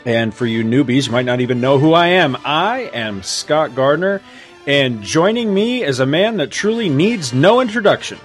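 A man's voice: on the high side, sing-song, moderate pace, faint music behind. A man in his fifties hosting a podcast in casual, rambling, self-deprecating chat. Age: 50s. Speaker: podcast host.

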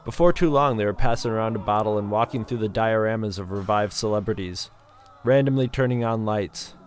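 A man's voice: on the low side, a little fast. A man narrating a story as an audiobook, dry and matter-of-fact.

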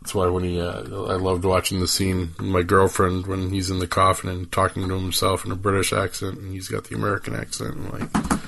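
A man's voice: deep voice, little pitch movement, a little fast, creaky, noisy background. Profane, rambling man hosting a call. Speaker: podcast host. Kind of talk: casual chat. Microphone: online call.

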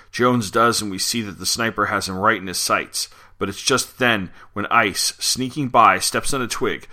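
A man's voice: lowish voice, pushed and bright. A man hosting a podcast, retelling and reviewing a comic book in a conversational way, with occasional fillers. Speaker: podcast host.

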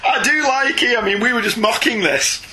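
A man co-hosting a casual comics podcast, animated and often laughing, with quick asides. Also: extremely high pitch, heavy background noise. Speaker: podcast co-host. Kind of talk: casual chat about comics.

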